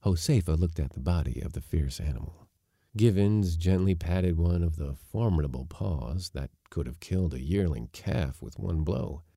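A man reading a story aloud in an expressive, wry narrating manner. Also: deep voice, creaky, husky, dry recording, clean studio sound. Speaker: audiobook narrator.

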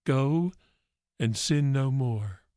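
A priest reading the part of Jesus as a calm, firm healer in a story, speaking in slow, solemn commands. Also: male voice, mid-range voice, no room sound, clean studio sound.

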